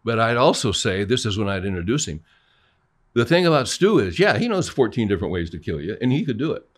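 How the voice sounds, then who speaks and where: A man's voice: lowish voice, big pitch swings, quick pace. An older man talking casually as a pastor and co-host, telling stories and acting out both sides of conversations. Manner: storytelling, acts out both sides of dialogues.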